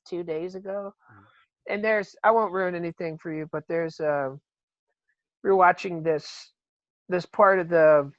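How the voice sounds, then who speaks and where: A man's voice: fairly high pitch, no echo, muffled recording. A man in casual podcast chat who tells stories with lots of laughter and swearing. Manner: laughs often, swears freely, animated storytelling. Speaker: podcast guest or host.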